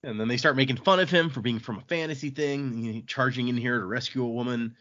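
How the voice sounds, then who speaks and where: Rambling podcast host recapping a book. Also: male voice, medium pitch, fast, fairly bright tone, highs cut off. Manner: rambling, with fillers and laughs, acting out quotes.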